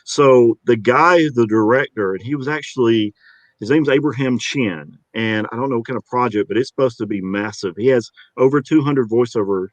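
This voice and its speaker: A man with a Georgia accent talks in an easygoing, chatty way as an interview guest. His voice sits at an average pitch, and the recording is dry, with almost no room sound. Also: moderate pace, no echo. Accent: Georgia, US South. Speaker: voice actor guest. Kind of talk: casual interview talk.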